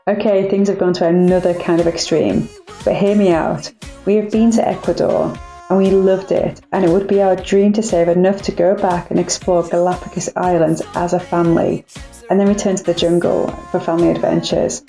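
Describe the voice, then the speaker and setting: A woman's voice: on the low side, flat delivery, fairly quick, gravelly, warm tone, echoey room, faint music behind. A young woman vlogging about family travel, chatty and upbeat, with self-mocking asides. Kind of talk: family travel vlog narration.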